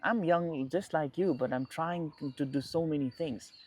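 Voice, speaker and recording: A man's voice: on the high side, moderate pace, a little mellow, voice pushed up, close to an everyday voice. A man voicing an eager, ambitious young man in a spoken story, asking pressing questions.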